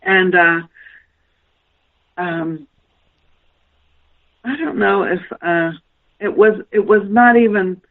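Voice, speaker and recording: A Southern woman with a matching accent speaks at a medium pitch, slowly and with frequent pauses. She's a guest author on a radio interview, spinning a long, rambling personal story with animation and laughter, heard over a tinny phone line.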